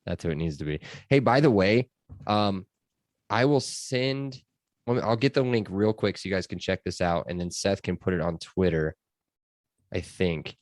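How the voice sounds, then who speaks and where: A man's voice: low voice, normal speed, no room sound, studio quality. A man hosting a casual sports podcast, chatty and loose with lots of fillers. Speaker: podcast host.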